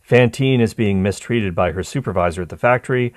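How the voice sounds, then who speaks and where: A man's voice: lowish voice, fairly quick, no room sound. Man, casual commentary, reads quotes aloud, digressive, restarts a lot, dry close sound. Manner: chatty and digressive, with frequent restarts and asides.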